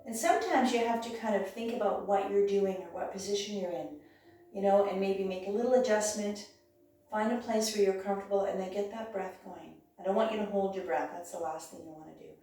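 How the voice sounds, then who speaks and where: A woman leading a yoga class with calm, encouraging cues, sometimes losing her voice. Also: mid-range voice, brisk. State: clearing her throat, losing her voice. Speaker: yoga instructor. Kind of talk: guided yoga class instruction. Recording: very echoey room, voice from far off.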